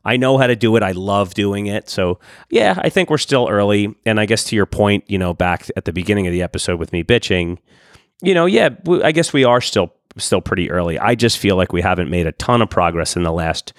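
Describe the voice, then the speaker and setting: A man with a fairly low voice talks casually on a podcast, rambling a little and restarting his sentences. He sounds frank and at ease. The recording is dry and close. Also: big pitch swings, a little fast, dry recording. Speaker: podcast co-host. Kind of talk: casual chat.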